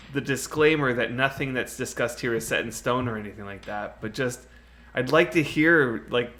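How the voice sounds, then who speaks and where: A man rambles through a relaxed game live stream, responding to chat messages from viewers. His voice is medium in pitch and fairly bright, and he laughs a lot and drops plenty of fillers such as "you know."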